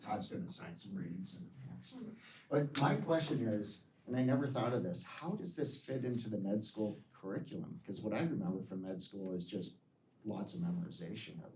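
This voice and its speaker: A man's voice: lowish voice, expressive, moderate pace, darkish tone, a little hiss or hum. A man moderating a lecture Q&A who makes an announcement and asks a question in a casual, friendly way. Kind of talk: moderating an audience Q&A. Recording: echoey hall from far off.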